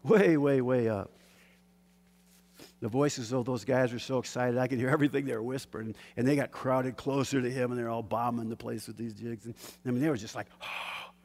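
A man telling a personal fishing story in a lively, animated way, acting out shouts and gasps. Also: mid-range voice, brisk. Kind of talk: casual spoken story. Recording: hall with long reverb.

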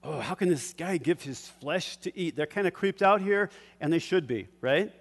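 A grandfatherly man preaches with a slightly raised pitch, throwing questions out to the congregation and letting them answer. He moves between loud calls and quieter, chuckling asides. The sound carries a long reverb, like a large sanctuary. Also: expressive, normal speed. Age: older. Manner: call-and-response, asks the congregation to fill in words; chuckles often, shifts from loud to hushed. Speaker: pastor. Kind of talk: sermon.

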